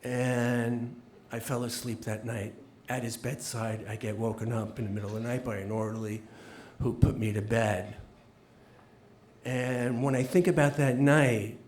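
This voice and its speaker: Earnest male storyteller, halting delivery. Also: medium pitch, steady tone, a little mellow, slight background noise. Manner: earnest, halting, re-enacting dialogue. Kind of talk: live personal storytelling on stage. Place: theater stage before an audience. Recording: roomy live venue sound.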